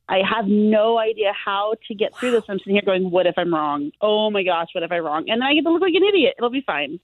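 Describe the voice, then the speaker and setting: A woman's voice: mid-range voice, no echo. Chatty medium woman, tinny dry sound. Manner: chatty, self-deprecating, laughs often. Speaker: psychic medium on a podcast. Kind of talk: casual podcast chat and reading.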